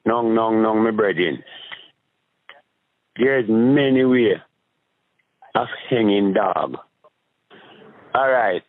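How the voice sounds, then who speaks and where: A man with a Jamaican accent telling rambling comic stories, jumping into high voices when he acts out scenes. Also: extremely slow, pauses often, dry recording. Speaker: street comedian. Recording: tinny phone-like sound.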